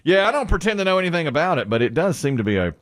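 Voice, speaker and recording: A man's voice: fairly high pitch, rapid-fire, dry recording. A middle-aged man hosting a morning show, chatting casually and acting out the voices in his stories. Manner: animated storyteller, acts out quoted voices. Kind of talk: casual radio show banter.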